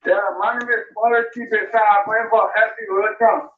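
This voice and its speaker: A man with a Liberian English accent calling into a radio show, halting and repeating words as he makes his point. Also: sits high, little pitch movement. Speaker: caller. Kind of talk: call-in radio comment. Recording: tinny distant phone line, echoey.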